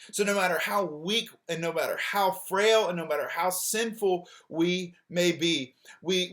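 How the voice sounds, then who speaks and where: Man, pastor, earnest sermon, fairly high voice, stumbles and repeats words, soft low endings. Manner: earnest, repeats words while searching, drops soft and low on key phrases.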